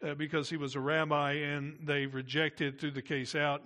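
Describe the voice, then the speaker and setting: A man's voice: a little high, level tone, moderate pace, hardly any pauses, sharp tone. A middle-aged man, a pastor, preaching a sermon in a conversational way with asides to the congregation.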